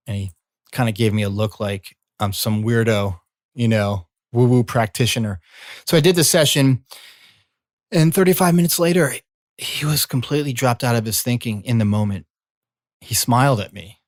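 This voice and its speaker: A middle-aged man, a coach and former healer, speaking in a slow, soothing reflective monologue. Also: medium pitch, no echo, clean studio sound. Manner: slow, soothing, drawn-out phrasing. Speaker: coach and former healing practitioner.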